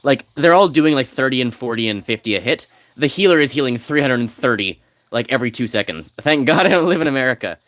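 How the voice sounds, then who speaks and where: A man's voice: medium pitch, lively intonation, a bit bright, no echo. Dry-voiced man chatting over a game. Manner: rambling, reads game text aloud fast. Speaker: game streamer. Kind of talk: casual gameplay commentary.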